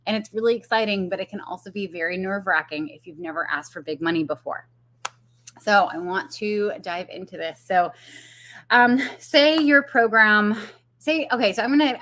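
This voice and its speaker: A woman business coach with a medium-pitched, fairly bright voice gives a casual live-streamed talk. She is chatty, using fillers and laughing frequently.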